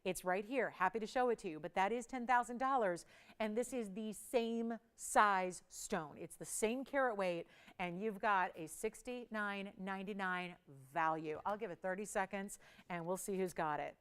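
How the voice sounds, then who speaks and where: A woman's voice: mid-range voice, normal speed, clean tone. A woman hosting a live TV jewelry shopping show, counting prices down in an upbeat, persuasive sales patter.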